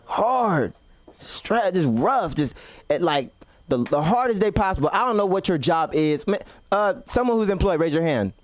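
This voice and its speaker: A man's voice: high-pitched, expressive, normal speed. A young man doing an open mic stand-up set, rambling and swearing a lot. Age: young adult. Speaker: stand-up comedian. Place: comedy club stage. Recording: noisy live club recording.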